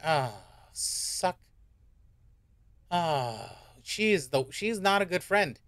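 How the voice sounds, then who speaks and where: A man's voice: on the high side, very animated, drawn-out words, pauses often, a bit bright, no room sound. A man streaming a horror game in casual commentary, reacting jumpily and swearing often. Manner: jumpy, reactive and profane, with repeated worried remarks.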